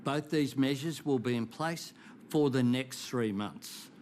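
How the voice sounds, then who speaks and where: Brief: Australian political leader, steady formal address, faint hiss behind. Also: male voice, mid-range voice. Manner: measured, reassuring.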